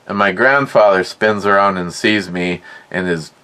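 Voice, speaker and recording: A man's voice: low-pitched, normal speed, bright, forceful tone. A middle-aged man telling a rambling, profane story in a casual way, often repeating his words. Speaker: podcast host.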